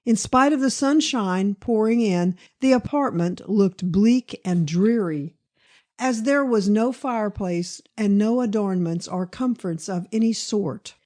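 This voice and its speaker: A woman narrating a classic crime novel in a measured, even storytelling manner. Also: mid-range voice. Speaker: audiobook narrator. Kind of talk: scripted narration.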